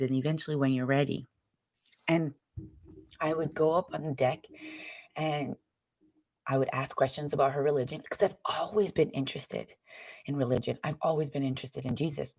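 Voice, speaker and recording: A woman's voice: low voice, darkish tone, dry recording, clean studio sound. A young woman, host of her own show, giving a candid and emotional personal testimony, rambling along with many fillers.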